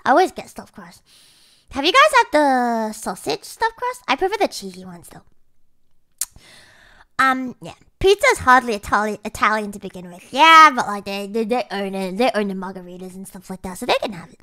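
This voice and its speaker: A woman streamer in casual livestream chat, reading chat aloud and swearing casually. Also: a little high. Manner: swears casually, breaks into loud laughter.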